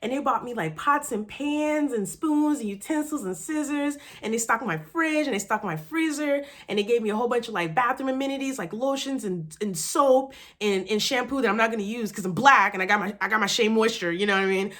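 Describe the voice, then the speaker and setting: A woman's voice: fairly high pitch, brisk, hardly any pauses, fairly bright tone. A young woman from Texas chatting casually to camera in her small apartment, candid and full of fillers and swearing as she talks about starting work as a teacher. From Texas, USA. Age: young adult. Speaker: vlogger, new teacher.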